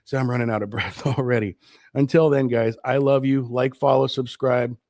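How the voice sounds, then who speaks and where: A man hosting his own live stream show, sick with the flu and low on energy, chatting loosely and rambling. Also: fairly quick, darkish tone, no room sound, clean studio sound. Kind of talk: casual live stream chat. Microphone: streaming setup.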